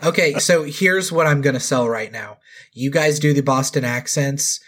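Husky podcast guy, quick jokes, laughs a lot. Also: mid-range voice, a bit bright. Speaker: podcast co-host. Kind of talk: casual podcast banter.

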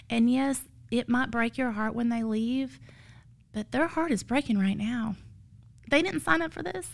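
A woman in her thirties with a drawl and a fairly high, gravelly voice. She speaks as a tired foster mother giving a heartfelt testimony, earnest and emotional, building to emphatic peaks. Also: measured pace, a little mellow.

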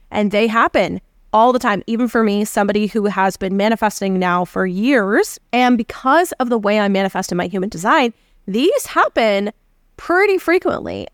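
A woman's voice: mid-range voice, dry recording, clean studio sound. Earnest woman hosting a solo podcast. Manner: earnest, conversational, coaching tone. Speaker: podcast host.

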